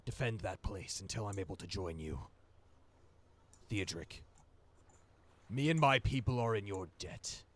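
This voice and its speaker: A grave, gruff shape-changer chieftain, voiced by a game master at the table speaks in a lowish, unhurried voice. Every word is slow and measured, heavy with solemn resolve. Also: male voice. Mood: commanding. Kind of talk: voicing a character in a tabletop game.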